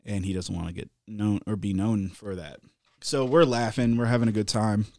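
A man's voice: fairly low pitch, fairly even intonation, moderate pace, a little mellow, no room sound, studio quality. A man casually telling a long story on a podcast, swearing and laughing along as he goes. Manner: laid-back storyteller, swears, laughs at his own stories. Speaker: podcast co-host.

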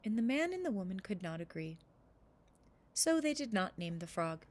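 A woman reads a children's story aloud, narrating expressively in a mid-range voice at normal speed.

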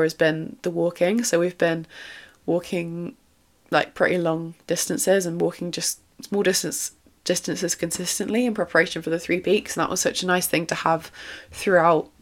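A woman in her twenties, slightly husky, chatting casually and rambling a little as she hosts her solo podcast. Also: fairly low pitch. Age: 20s. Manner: chatty, rambling, frequent fillers. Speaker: podcast host.

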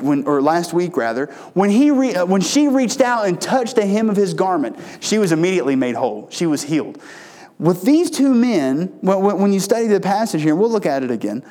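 A man preaching a sermon in a folksy storytelling way, often restarting his phrases and rising in pitch for emphasis. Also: mellow. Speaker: pastor.

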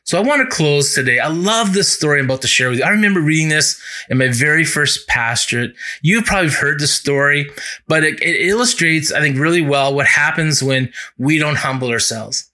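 A male pastor preaching a sermon, earnest, often slowing down to stress key words. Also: fairly high pitch, expressive, sharp tone.

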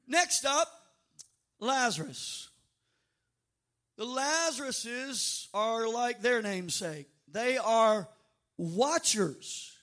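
A male pastor, from North Louisiana, preaching a dynamic sermon with bursts of shouting and drawn-out, sung phrases. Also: very high-pitched, lively intonation. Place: church sanctuary before a congregation.

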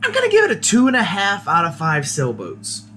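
A man's voice: high voice, huge pitch swings, fairly quick, sharp tone, slight background noise. A man hosting a podcast, giving a casual, rambling solo movie review with many hesitations. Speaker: podcast host.

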